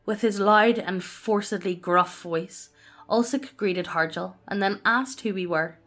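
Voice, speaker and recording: A woman reading a personal story aloud as scripted narration, in a steady, even delivery. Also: medium pitch, a little slow, soft background music.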